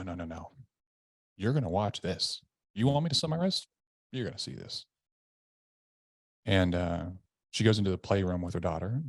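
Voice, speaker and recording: As a podcast guest, a man with a low, deep, slightly mellow voice tells a personal story earnestly and conversationally, recounting events candidly and in vivid detail. He's in an indoor room, but the recording is dry and close, with no room sound.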